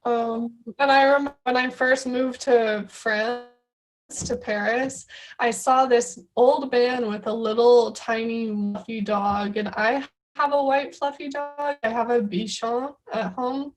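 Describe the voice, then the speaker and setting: Chatty young American woman, higher voice. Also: steady tone, unhurried, rough recording. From United States. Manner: chatty storyteller, many fillers like 'like' and 'um'. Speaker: tour guide. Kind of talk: casual chat.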